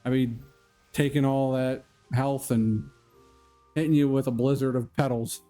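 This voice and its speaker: A man's voice: mid-range voice, fairly even intonation, measured pace, warm tone, soft background music. A man streaming live, chatting casually and answering viewers' comments.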